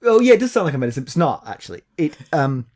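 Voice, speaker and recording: This podcast co-host has a fairly high voice and talks at a racing clip. He chats casually, playfully explaining odd words before summarizing a chapter, like an animated storyteller with a professorial streak.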